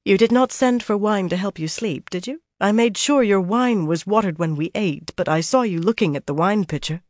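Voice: medium pitch, normal speed, no echo, natural voice. The narrator voicing a proud young warrior woman who talks plainly and sounds concerned. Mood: worried.

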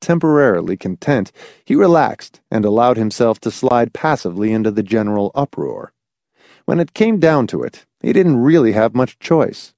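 A male narrator reads a novel aloud with expressive storytelling, his pitch moving in animated swings. The sound is dry and close, with no room around it. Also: normal speed, no room sound. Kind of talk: audiobook narration.

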